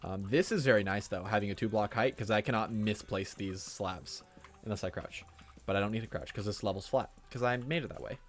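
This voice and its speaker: Chatty low-voiced young man streaming a build. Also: brisk, faint music behind. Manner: chatty, thinking aloud, self-mocking. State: hiccups. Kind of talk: casual gameplay commentary.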